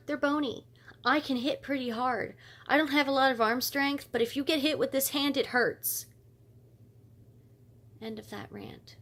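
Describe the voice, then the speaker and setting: A woman's voice: on the high side, a bit bright. A woman vlogger telling a story as a casual rant, fired up and blunt, with cursing.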